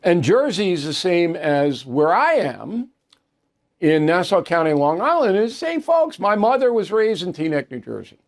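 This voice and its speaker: Older new guy ranting politics, blunt and punchy, kinda high gravelly voice. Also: very animated, normal speed. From New York. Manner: blunt, emphatic, voice jumps up when making a point. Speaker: political commentator host. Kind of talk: political commentary monologue.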